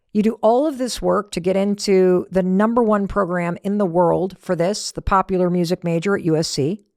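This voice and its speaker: A middle-aged woman hosting a podcast, telling a story in an animated motivational talk that drops to whispered asides. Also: fairly low pitch, normal speed, few pauses, dry recording, studio quality. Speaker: podcast host.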